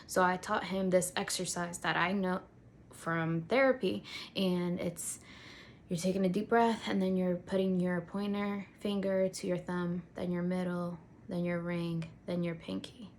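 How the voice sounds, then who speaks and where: A woman's voice: fairly low pitch, little pitch movement, a little slow, a little hiss or hum. A young adult woman speaking in a casual faith vlog, telling a personal story in a conversational way with lots of filler words. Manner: conversational, many "like" fillers, acts out quotes. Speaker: faith vlogger.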